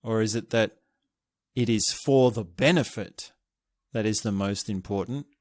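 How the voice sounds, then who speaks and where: Slow, musing man with a lowish voice. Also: no echo, clean studio sound. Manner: musing, thinking aloud with restarts and soft chuckles. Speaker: podcast host. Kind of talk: reflective solo podcast talk.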